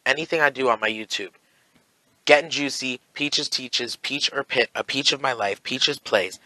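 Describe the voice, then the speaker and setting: Sassy, excitable man hosting a podcast. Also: moderate pace, dry recording, rough recording. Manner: sassy, campy and excitable, swinging to soft and low. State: sore with heartburn. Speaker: podcast host. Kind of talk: casual solo podcast chat.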